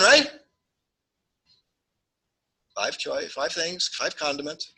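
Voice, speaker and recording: Bright-voiced man lecturing with playful asides. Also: mid-range voice, a little slow, rough recording. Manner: jokey, animated, acts out little scenes. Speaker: statistics lecturer. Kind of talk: classroom lecture.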